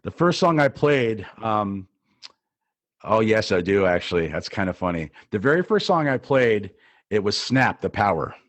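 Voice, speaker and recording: A man's voice: lowish voice, big pitch swings, normal speed, a bit bright, dry recording. A middle-aged man from New Jersey, co-hosting a podcast and telling a rambling story full of fillers and restarts. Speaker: podcast co-host, DJ. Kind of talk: casual storytelling.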